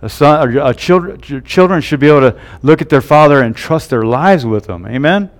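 A man's voice: a little high, animated, a little fast. A male pastor preaching a sermon who keeps tagging his points with "right?" and "amen?". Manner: tags lines with "right?" and "amen?".

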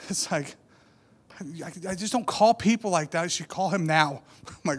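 A man in his thirties giving an animated sermon testimony, building from quiet storytelling to loud emphatic peaks. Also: a little high, measured pace, long pauses. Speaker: church speaker.

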